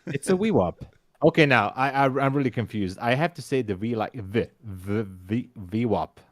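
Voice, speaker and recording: A man with a Hungarian accent chats casually on a live trading stream, stumbling and repeating words as he goes. His voice sits at a middle pitch. The sound is dry and close, with little room around it. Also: expressive, dry recording. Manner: halting, repeats words, laughs often.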